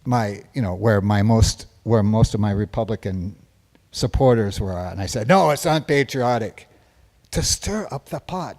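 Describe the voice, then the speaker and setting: A man with a slightly mellow voice on the high side parodies a hippie president in his one-man live comedy show, taking questions from the crowd. He brags, rambles and praises himself, with long live-stage reverb around him.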